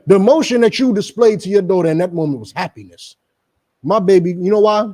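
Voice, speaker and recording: A middle-aged man on a radio show, speaking for a religious group, delivers emphatic, repetitive commentary in a preaching style. His voice sits high, moves fairly quickly, and has a dark tone. He calls the people around him by name.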